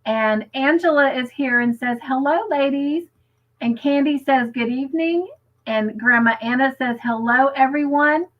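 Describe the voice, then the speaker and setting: A woman's voice: high voice, measured pace, highs cut off. A woman co-hosting a crafting livestream, chatting casually and reading viewer comments aloud, with frequent giggles. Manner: chatty and giggly, lingers on stories.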